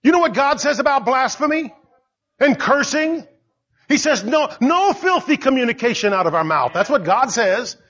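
An older man preaching a sermon as pastor, emphatic and rising to shouts. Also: very high voice, very animated, moderate pace. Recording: dull lo-fi recording.

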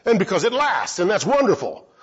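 A man's voice: high voice, wildly swooping pitch, brisk, husky, dull audio. A man giving a Bible teaching talk, asking rhetorical questions and answering them himself.

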